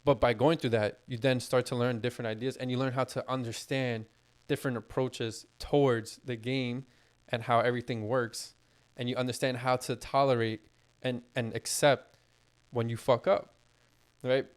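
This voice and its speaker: A man's voice: medium pitch, moderate pace, clean tone. Blunt, swearing young man on a podcast. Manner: blunt, heavy swearing, animated. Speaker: podcast co-host. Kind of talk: casual podcast chat.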